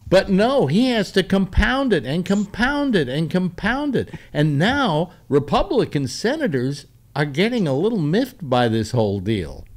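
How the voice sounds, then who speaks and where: A man hosting a casual political talk show, rambling with many halting restarts. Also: high voice, big pitch swings.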